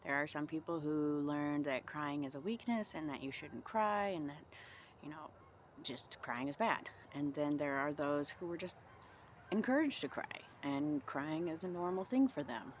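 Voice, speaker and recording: Low-voiced woman musing gently outdoors. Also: lively intonation, normal speed, a little hiss or hum. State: cold from being outdoors. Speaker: vlogger. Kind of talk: reflective self-help vlog.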